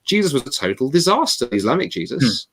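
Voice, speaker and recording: A man speaking as a guest author in an interview, telling a story in an animated, emphatic way. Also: mid-range voice, fast talker, husky, soft background music. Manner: animated, acts out quoted voices; emphatic, expressive. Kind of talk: conversational storytelling.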